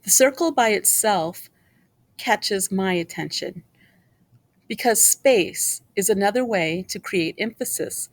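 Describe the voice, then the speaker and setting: A woman's voice: medium pitch, animated, slow pace, no echo. Woman narrating an art lesson. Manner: clear, explanatory, asks viewers questions. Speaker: art teacher. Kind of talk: scripted educational narration.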